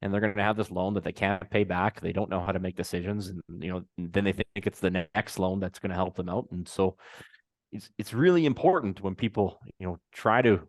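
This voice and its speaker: A man giving business advice as a podcast guest, explaining quickly and leaning on "you know". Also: low voice, dry recording. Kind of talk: conversational advice.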